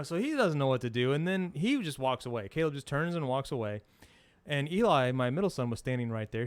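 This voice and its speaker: A middle-aged man co-hosting a podcast in casual chat, rambling through an animated story with plenty of fillers. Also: mid-range voice, clear, resonant tone, no echo. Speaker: podcast co-host.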